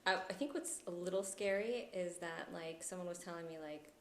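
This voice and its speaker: Woman host, lowish voice, soft and emotional, echoey room. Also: normal speed, slight background noise. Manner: emotional, soft-spoken storytelling. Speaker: podcast host. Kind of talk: conversational interview. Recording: echoey room with faint ambience.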